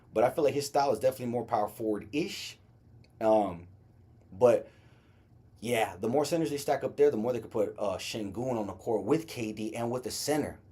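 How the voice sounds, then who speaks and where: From Las Vegas, Nevada, this man hosts a casual basketball livestream in a mellow, mid-range, slightly rough voice. He's relaxed and slangy, playfully tripping over difficult names.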